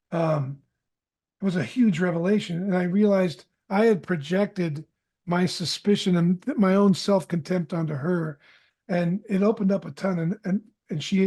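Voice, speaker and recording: A middle-aged man with a fairly high voice tells a personal story as a podcast guest. He is candid and restarts his sentences often. He acts out the dialogue as he tells it. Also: darkish tone. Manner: candid, self-correcting storyteller who acts out quoted dialogue.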